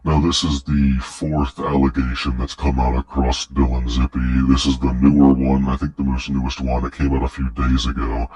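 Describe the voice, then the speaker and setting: Young male commentator, very low voice, a bit off-mic, mocking and foul-mouthed delivery. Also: level tone, moderate pace, few pauses, darkish tone, husky, far from the mic, low-quality recording. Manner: sarcastic, swears often, mocks the texts he reads out. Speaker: commentary creator. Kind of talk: online commentary.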